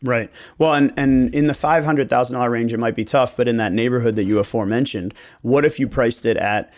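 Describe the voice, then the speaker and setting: A man from the Baltimore area hosts a casual podcast about selling homes. His voice has an ordinary middle pitch. He talks with energy and slips into little voices to act out what clients say. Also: brisk. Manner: animated, acts out client conversations in quoted voices. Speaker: real estate agent podcast host.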